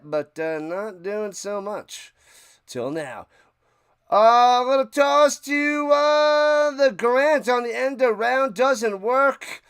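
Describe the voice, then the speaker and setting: A man hosting a casual livestream watch party, doing play-by-play commentary in a chatty, jokey way with bursts of excitement on big plays. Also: high-pitched, clear, resonant tone, dry recording.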